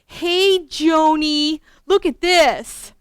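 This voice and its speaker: A woman voicing an eager five-year-old boy who shows off what he knows, in a squeaky childlike way. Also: expressive, normal speed, fairly bright tone, no room sound, clean studio sound. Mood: excited.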